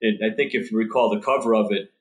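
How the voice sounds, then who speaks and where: A man's voice: lowish voice, steady tone, fast talker, poor audio. A man who writes books on baseball, answering interview questions in an earnest, thorough way. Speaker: baseball author guest.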